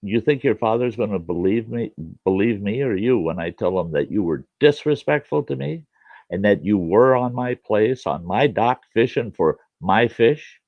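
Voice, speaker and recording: Brief: man playing a surly neighbor, deep, clipped and scolding, on a dull dry recording. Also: expressive, normal speed, no room sound. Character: mean grouchy middle-aged male neighbor.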